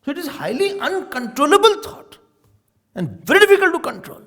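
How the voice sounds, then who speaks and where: A man with an Indian accent, a swami giving a spiritual discourse with animated storytelling and Hindi words mixed in. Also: very high voice, fairly quick. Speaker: swami giving a scripture talk.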